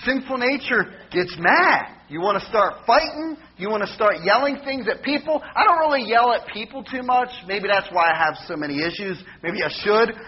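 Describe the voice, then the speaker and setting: A man preaching a humorous sermon, telling jokey stories with animated mock shouting. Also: high voice, normal speed, hardly any pauses, dull audio.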